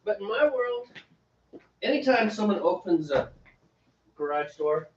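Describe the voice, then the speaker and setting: Teasing man with a lively voice. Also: high-pitched, measured pace, reverberant, muffled recording, a little hiss or hum. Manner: teasing, playful, animated. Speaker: homebrewer co-host. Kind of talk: casual joking brewing chat. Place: garage at a friend's house.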